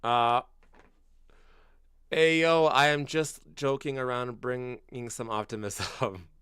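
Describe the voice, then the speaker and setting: Slow and fairly even in intonation, this mid-range, clean-toned voice comes through clean studio sound with no echo. The speaker, a Canadian football-fan streamer in his twenties, chats casually with viewers in blunt slang, swearing freely and calling everyone bro, with occasional loud, incredulous outbursts.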